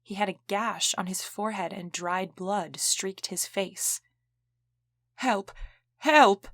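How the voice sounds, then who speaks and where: A woman narrating an audiobook in an even, clear storytelling manner. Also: medium pitch, unhurried, dry recording. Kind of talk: scripted narration.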